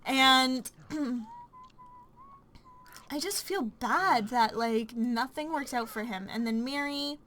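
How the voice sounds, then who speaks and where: A woman's voice: high-pitched, takes it slowly, pauses often, a bit bright, slight background noise. A woman casually narrating her life-sim gameplay, chatty and full of ums and likes. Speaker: let's play narrator.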